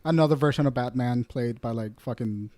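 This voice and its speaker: A man co-hosting a casual podcast chat, eager and agreeable, reacting quickly. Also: medium pitch, dark tone. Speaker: podcast co-host.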